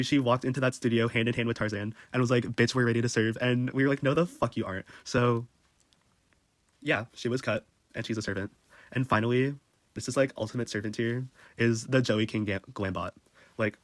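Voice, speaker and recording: A young man presenting in a casual, comedic way, animated and slangy, laughing mid-sentence. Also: mid-range voice, no echo.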